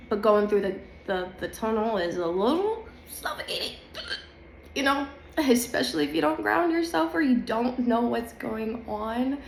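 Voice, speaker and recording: Talking to her viewers about spiritual growth, this woman sounds confiding and casual, with an emphatic, chatty style. She speaks at a normal speed in a slightly high, creaky voice with lively intonation. There's a touch of hiss or hum, and the room is echoey with faint ambience.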